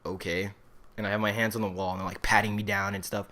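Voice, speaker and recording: A man's voice: lowish voice, level tone, fast, pushed and bright, a little hiss or hum. A young man in his late teens telling a story in a casual, rambling way, with lots of fillers. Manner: rambling, filler-heavy "like" delivery. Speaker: vlogger.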